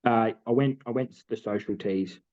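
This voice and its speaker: A man's voice: lowish voice, normal speed, darkish tone. Rambling man, tinny phone-like sound. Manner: rambling storytelling with many fillers. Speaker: podcast co-host. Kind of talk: casual chat.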